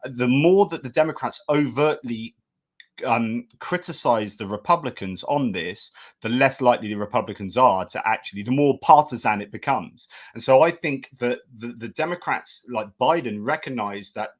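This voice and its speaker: A man's voice: medium pitch, lively intonation, normal speed. A man appearing as a guest commentator, thoughtfully building up an argument in a discussion. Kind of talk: analytical discussion.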